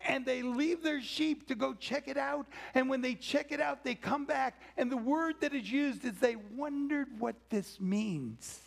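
A man's voice: extremely high pitch, a little slow, vocal fry, hardly any pauses. A man preaching a sermon, telling stories and dropping to a whisper for emphasis. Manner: dramatic, drops to a whisper for emphasis. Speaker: pastor.

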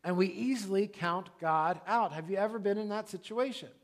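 Man in his thirties, slightly high voice; casual, lively sermon delivery. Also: moderate pace. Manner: conversational, animated preaching with asides. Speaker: pastor.

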